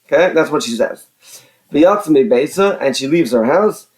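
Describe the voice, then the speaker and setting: A man's voice: a little high, animated, normal speed. A man teaching a religious text, reading out Hebrew phrases and translating each into casual English, often repeating words and restarting. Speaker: Torah teacher.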